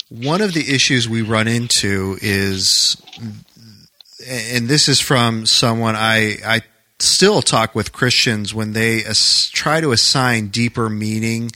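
Bright-voiced man in earnest faith talk. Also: on the low side, no room sound. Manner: earnest, searching, frequent "you know". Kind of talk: casual conversation about faith.

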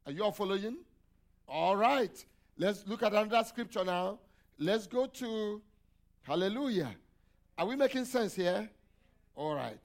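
A male pastor preaches a sermon in a high voice with lively intonation, speaking a little slowly with long pauses. He poses call-and-response questions for the congregation to answer aloud and drops in hallelujahs and amens.

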